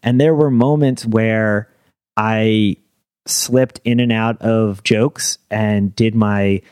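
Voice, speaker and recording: A man's voice: on the low side, fairly even intonation, slow, a little mellow, clean tone, no echo, clean studio sound. A young man, a stand-up comedian, telling stories in casual chat and laughing through his anecdotes.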